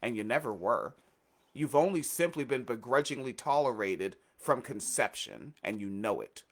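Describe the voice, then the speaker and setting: A man's voice: mid-range voice, expressive, moderate pace. A man co-hosting a casual radio chat, blunt and profane, with a sarcastic, ranting way of talking. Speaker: co-host.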